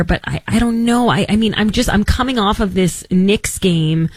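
A woman's voice: mid-range voice, moderate pace, no room sound, low-quality recording. A woman hosting a talk radio show from Massachusetts, chatting casually with frequent restarts and firm opinions.

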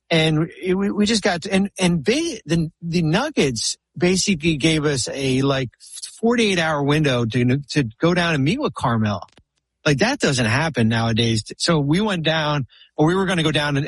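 A man with a husky, slightly rough voice recorded close and dry, with no room sound around him. He tells long anecdotes in casual chat on a podcast, doubling back and restarting his sentences as he goes. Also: a little high, dry recording. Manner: rambling anecdotes full of restarts and fillers. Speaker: podcast guest, former basketball executive.

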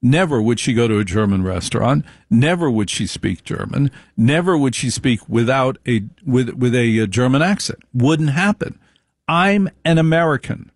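A man speaks in an opinionated monologue at an ordinary pitch for a man. He tells stories emphatically and repeats lines for stress. The recording is dry and close. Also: expressive, normal speed, hardly any pauses, no room sound.

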